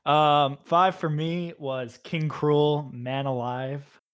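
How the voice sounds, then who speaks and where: A man's voice: fairly high pitch, fairly even intonation, slow, clear, resonant tone. A man co-hosting a casual podcast, rambling through his thoughts and laughing often. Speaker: podcast co-host reviewing albums. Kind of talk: casual chat.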